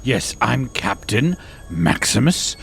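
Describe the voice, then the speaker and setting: A man speaking as a player in a tabletop game, hesitant and often pausing as he introduces his crew. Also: mid-range voice, big pitch swings, creaky, a bit bright, slight background noise. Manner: hesitant, full of pauses. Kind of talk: casual in-character play.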